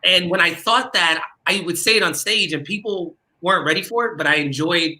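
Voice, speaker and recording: A man, a comedian guest, telling a story with quick jokes and asides. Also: high voice, sharp tone. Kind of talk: casual comedians' chat.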